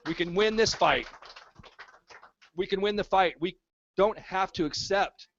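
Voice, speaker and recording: A man's voice: fairly high pitch, muffled recording. A man giving an impassioned speech at a community town hall, repeating his points to rally the room. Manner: fervent, repetitive rallying speech. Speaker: activist speaking at a town hall.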